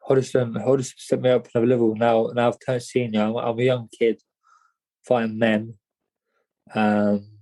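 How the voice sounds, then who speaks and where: A young boxer appears as a podcast guest, telling stories casually in a low, dark voice over poor audio. He rambles and repeats words, dropping lots of "mate" and "do you know what I mean".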